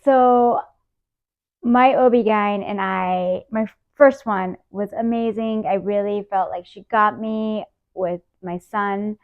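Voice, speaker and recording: A woman's voice: mid-range voice, takes it slowly, smooth. A woman in her thirties, an interview guest, candidly recounting a hard personal experience and acting out the dialogue. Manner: emotional, animated retelling with quoted dialogue. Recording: tinny phone-like sound.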